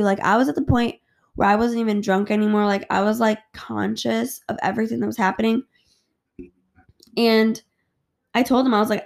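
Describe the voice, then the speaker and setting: A woman tells a story on her podcast with a slightly high, gravelly voice. She speaks in a loose, rambling way and swears freely. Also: fairly even intonation, fairly quick. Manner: candid, profane, rambling. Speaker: podcast host. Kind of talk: casual storytelling.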